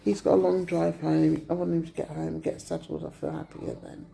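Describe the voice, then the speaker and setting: A woman's voice: low voice, flat delivery, normal speed, creaky, warm tone. A tired middle-aged woman venting in a casual vlog from a hospital room, upset and retelling what was said to her. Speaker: vlogger.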